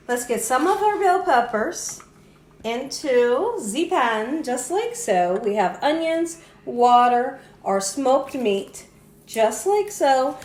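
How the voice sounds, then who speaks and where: A woman's voice: on the high side, slight background noise. A woman hosting a cooking channel, chatting and encouraging viewers through a casual cooking demonstration in her home kitchen. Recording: echoey kitchen with faint ambience.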